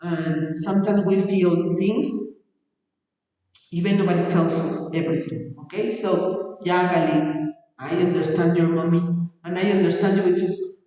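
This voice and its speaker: A woman's voice: fairly low pitch, fairly even intonation, normal speed, mellow. A middle-aged woman teaching an English class. She talks in a motherly way, repeats her questions and tells stories to the class. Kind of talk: online class lesson with chatty anecdotes. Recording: very echoey, distant mic, long reverb.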